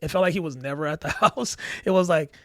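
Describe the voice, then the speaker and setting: Guy on a podcast telling a story, kinda high voice, lively, acts out what people said, dry sound. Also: quick pace, dry recording. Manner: animated storyteller, acts out quoted lines. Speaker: podcast guest. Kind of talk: casual storytelling chat.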